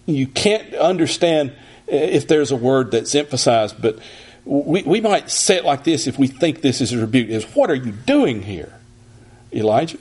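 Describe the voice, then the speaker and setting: A man teaches through a sermon in a husky, breathy voice. His pitch sits in the middle range, and his delivery is measured, often circling back to restart a phrase. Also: lively intonation, darkish tone. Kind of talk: expository sermon.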